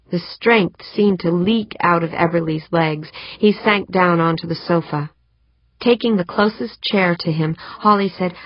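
A woman narrates a novel in a low, husky voice with steady, even pacing. The recording is dry and dull, close to the mic with no room sound. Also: measured pace, no echo. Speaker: audiobook narrator. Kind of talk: scripted narration. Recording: dull muffled audiobook recording.

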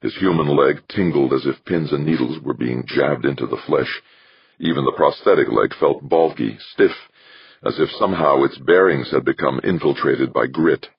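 A man reading a science-fiction novel aloud in steady, measured scripted narration. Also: a bass voice, husky, dry recording, highs cut off. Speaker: audiobook narrator.

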